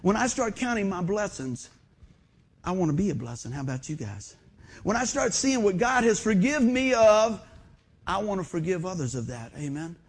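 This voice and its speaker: A middle-aged man, preaching a folksy, animated sermon in a church and asking the congregation questions. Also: sits high, normal speed, breathy edge. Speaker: pastor. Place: church sanctuary.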